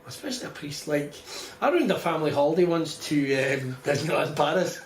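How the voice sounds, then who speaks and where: A Scottish man co-hosting a podcast, swearing and laughing through lively stories. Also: a little high, a little fast. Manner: sweary, laughing, animated storytelling. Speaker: podcast co-host. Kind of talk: casual chat. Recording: roomy echo, faint noise.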